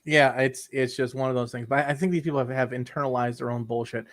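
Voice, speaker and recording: A man's voice: medium pitch, level tone, fast talker. A young man co-hosting a podcast, chatting casually in a rambling way with crude jokes and lots of repeated words. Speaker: podcast co-host. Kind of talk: casual chat.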